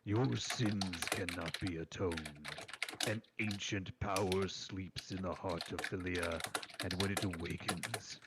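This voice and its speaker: A dying boar spirit rumbles out its prophecy, voiced by a man in a deep, low register. The delivery is slow and solemn, with ominous weight on every phrase. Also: very noisy.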